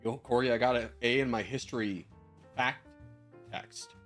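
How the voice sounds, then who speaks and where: A man in his twenties streams and chats loosely, handing out rambling advice full of slang and the odd swear. His voice sits at an ordinary middle pitch, and faint music plays softly behind him. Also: fairly even intonation, fast talker. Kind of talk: casual chat, answering viewer messages.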